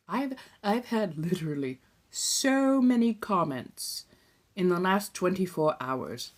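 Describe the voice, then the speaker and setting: A young woman from Southern California hosting an ASMR and tarot live stream from a phone. She chats casually, swears now and then and slips into soft whispered asides. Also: fairly low pitch, lively intonation, slow.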